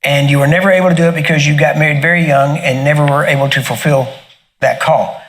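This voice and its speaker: A middle-aged man telling a personal testimony in a casual, animated way, often laughing and acting out the other people in the story. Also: on the high side, fast, slight background noise. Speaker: minister sharing a testimony.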